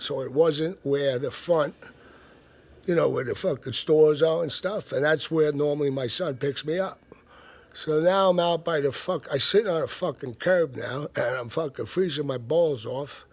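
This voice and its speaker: A man, telling a story in a blunt, profane, casual rant. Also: on the high side. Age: 50s. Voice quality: gravelly, husky. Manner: profane, blunt, laughs between lines.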